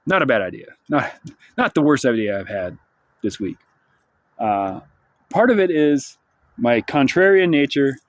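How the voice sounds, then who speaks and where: Male vlogger, rambling and sardonic, swears freely, mid-pitched voice. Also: sing-song, a little slow, pauses often, no room sound. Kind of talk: rambling monologue vlog. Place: outdoors in the sunshine.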